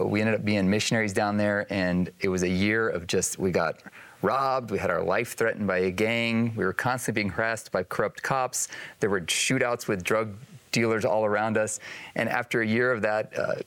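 Earnest storytelling man, low voice. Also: steady tone, fairly bright tone. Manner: earnest storyteller, brisk anecdotes. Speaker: guest author. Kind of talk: casual studio interview. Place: TV studio set.

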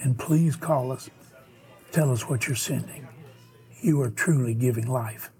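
A man hosting a ministry broadcast, telling a story and earnestly pleading for donations, sometimes dropping to a soft near-whisper. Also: medium pitch, measured pace. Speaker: ministry host making a donation appeal. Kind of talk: earnest fundraising appeal and storytelling.

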